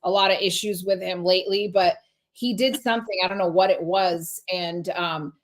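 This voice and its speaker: A woman's voice: lowish voice, normal speed. Woman co-host, casual chat, rambling, trails off and restarts. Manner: rambling, many restarts and fillers. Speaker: podcast co-host.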